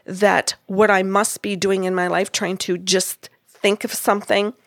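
Speaking at a measured pace in a medium-pitched voice, a woman hosts a podcast and recounts a psychic reading she gave. She tells the story in a relaxed, chatty way, animatedly voicing the dialogue, and the studio audio has no echo.

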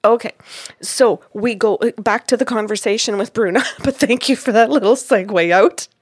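Woman, podcast host, animated storyteller, dry close sound. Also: fairly high pitch, normal speed, husky, no room sound. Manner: animated, acts out quoted dialogue. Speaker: podcast host and psychic reader. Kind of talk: casual storytelling chat.

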